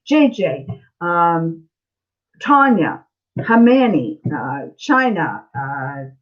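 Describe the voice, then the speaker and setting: A woman's voice: fairly low pitch, sing-song, drawn-out words, highs cut off. A woman tarot reader hosting a live stream, talking casually to viewers about life lessons, repeating herself and often asking "right?". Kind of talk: casual spiritual talk to viewers.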